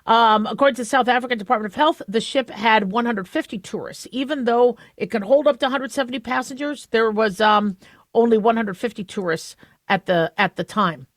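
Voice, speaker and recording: A woman's voice: on the high side, brisk, no echo, studio quality. A woman hosting a talk radio show, explaining medical news in a chatty way with many fillers and restarts.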